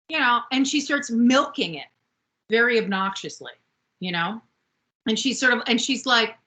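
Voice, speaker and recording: A woman co-hosting a podcast, chatting casually as she recaps a TV episode and acts out the characters' lines. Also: a little high. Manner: animated, acts out quotes from the show. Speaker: podcast co-host.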